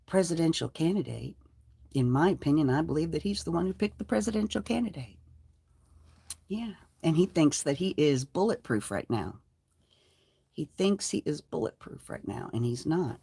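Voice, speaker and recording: An older woman hosting her own channel, delivering a defiant, profane rant to the camera. She moves between low mutters and loud, heated outbursts. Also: animated, normal speed, vocal fry, breathy edge, no room sound, clean studio sound. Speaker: channel host. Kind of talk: angry livestream rant.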